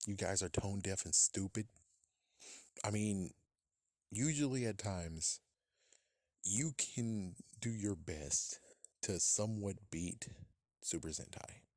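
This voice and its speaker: A man with a fairly low voice rants through casual podcast commentary. He is profane and exasperated and laughs at his own jokes. The recording is dry and close, with no room echo. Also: darkish tone. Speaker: podcast host.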